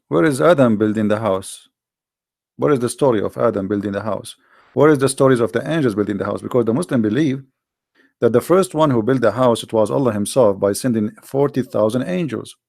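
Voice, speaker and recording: A man speaks in slightly broken, pushing a combative religious argument. His delivery is mocking and full of rhetorical questions. His mid-pitched voice has a rough, gravelly edge. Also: a little mellow. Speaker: Christian apologetics presenter.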